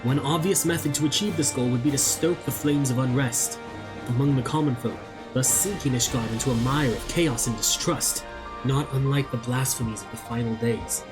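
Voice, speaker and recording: Solemn temple knight from a game, read by a man, formal and measured, soft music under. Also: medium pitch, lightly acted. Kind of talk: reading game dialogue aloud.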